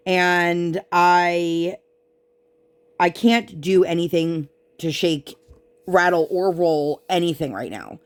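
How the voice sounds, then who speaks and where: Woman vlogger with a lowish voice, venting frustration in a casual craft-along chat. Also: takes it slowly. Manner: frustrated, venting retelling of an argument.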